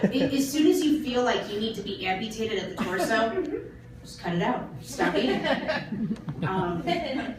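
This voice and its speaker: A young woman doing stand-up in a small theater, self-deprecating and dry, taking her time between lines. Her voice is caught from a distance in a very echoey room. A loud wash of audience noise sits under it. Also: a little high. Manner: self-deprecating, wry, drawn-out pauses. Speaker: stand-up comedian. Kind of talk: live stand-up set. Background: audience laughter.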